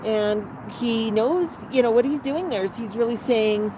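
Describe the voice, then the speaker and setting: A woman's voice: a little high, unhurried, noisy background. A woman hosting a casual outdoor livestream, chatting to viewers and reading out their comments. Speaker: livestream host.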